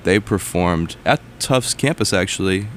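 Young man, radio host, low voice, laid-back chat, faint background hiss. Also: a little slow. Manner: relaxed, easygoing, with fillers. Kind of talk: casual chat on air.

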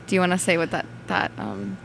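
A woman's voice: on the low side, vocal fry, pushed and bright, a little hiss or hum. A woman co-hosting a casual radio show, teasing and playful with her partner. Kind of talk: casual chat.

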